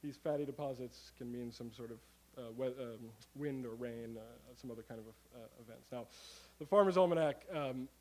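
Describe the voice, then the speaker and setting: A man giving a live comic talk to an audience, animated and rambling, with many fillers and the odd curse word. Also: mid-range voice, moderate pace, few pauses, low-quality recording. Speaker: comedic presenter.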